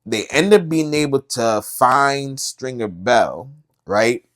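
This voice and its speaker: A man hosting a podcast, casually recapping a TV series in slangy, animated storytelling with lots of filler. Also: mid-range voice, slow. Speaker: podcast host.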